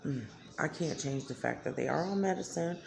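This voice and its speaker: A woman's voice: deep voice, fairly quick, vocal fry, crowd noise. A woman talking candidly to her viewers in a blunt, emotional way, swearing freely. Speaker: vlogger. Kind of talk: candid talk to camera.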